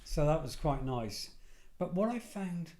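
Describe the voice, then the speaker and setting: A middle-aged English man, a podcast guest, telling lively anecdotes in a casual conversational way and often correcting himself mid-sentence. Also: fairly high pitch, a little slow. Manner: animated anecdotal storyteller, self-correcting. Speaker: podcast guest, former detective and security head. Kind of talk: casual storytelling.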